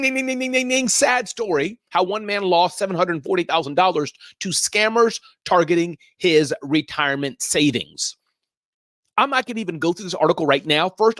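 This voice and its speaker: Middle-aged guy hosting a live show, kinda high voice, riffing hard, dry close sound. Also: dry recording. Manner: energetic, riffing, emphatic warnings. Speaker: show host. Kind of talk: live solo business show commentary.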